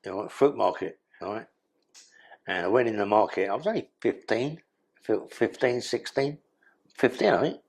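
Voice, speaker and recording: A man's voice: fairly low pitch, expressive, moderate pace, vocal fry, darkish tone. An older man with a London accent telling his life story in an interview, blunt and streetwise, swearing freely. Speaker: guest.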